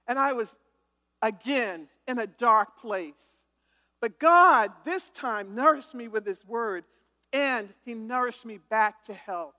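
A woman's voice: a little high, unhurried, pushed and bright. A woman giving an emphatic testimony sermon, calling for responses from listeners and often restarting words. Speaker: testimony speaker. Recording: hall reverb.

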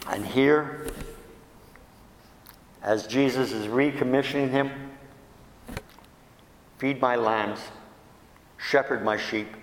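A deacon preaching a measured sermon, reading out scripture passages and their dialogue. His delivery is unhurried and deliberate. The voice rings out in a long reverberant hall. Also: medium pitch, a little hiss or hum. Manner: slow, reads scripture aloud with quoted dialogue.

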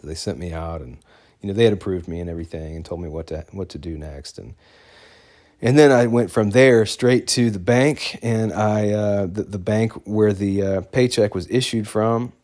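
Man, low voice, casual storytelling, loose rambling delivery. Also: moderate pace, a little mellow. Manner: casual, conversational, many fillers and restarts. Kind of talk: personal storytelling.

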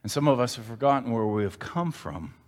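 A man preaching in an animated, storytelling way, swinging between loud, emphatic lines and quiet, hushed ones. His voice is mid-pitched, and a long hall reverb trails every phrase. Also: fairly quick. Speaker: pastor. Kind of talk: sermon.

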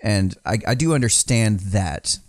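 Podcast co-host, man, low voice, rambling and profane, dry close sound. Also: expressive, a little slow, dry recording. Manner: rambling, swears casually, many restarts. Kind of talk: casual chat. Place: small building.

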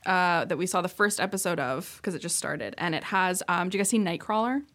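A woman's voice: on the low side, a little fast, a bit bright. A woman co-hosting a podcast, retelling a show's plot in casual chat with lots of likes and ums. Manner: rambling, filler-heavy retelling. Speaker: podcast co-host.

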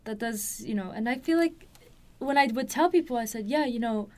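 A woman's voice: fairly high pitch, moderate pace. A young woman born in France, talking in a casual interview, rambling with many fillers and restarts and laughing often.

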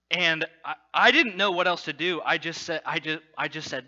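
A man addressing a congregation, telling a self-deprecating personal story with lots of fillers and animated storytelling. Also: a little high, a little fast, few pauses, dull audio. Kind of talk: humorous personal story in a talk.

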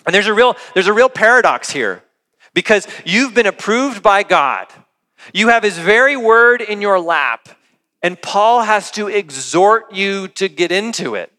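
High, bright-voiced man preaching in a reverberant hall. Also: very animated, normal speed. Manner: earnest, conversational preaching with rhetorical questions. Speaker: pastor. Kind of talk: sermon.

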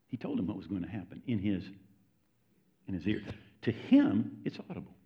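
A man's voice: lowish voice, huge pitch swings, normal speed. A man preaching a sermon in a conversational, storytelling way, often checking in with his listeners. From United States. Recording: dull lo-fi recording.

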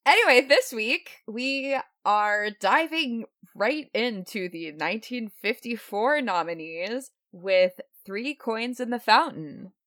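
Woman hosting a podcast, slow and easygoing, voice swoops around, laughs a lot. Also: a little high, expressive, no echo, clean studio sound. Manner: laughs easily, warm and unhurried. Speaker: podcast host. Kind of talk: casual chat.

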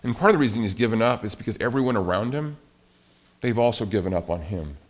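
A man preaching a sermon in a conversational, animated way, swinging between soft and loud. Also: fairly low pitch, fast talker. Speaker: pastor.

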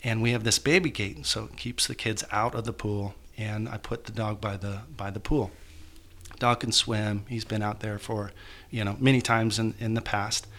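Bright-voiced man telling a personal story. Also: lowish voice, steady tone. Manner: halting, emotional, many restarts. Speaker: guest author.

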